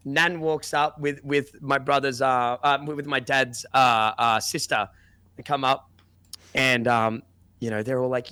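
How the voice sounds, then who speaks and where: A man's voice: mid-range voice, fairly even intonation, moderate pace, sharp tone, clean tone. A young man telling a story in casual chat, acting out quotes with lots of swearing and laughter. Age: young adult. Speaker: podcast guest.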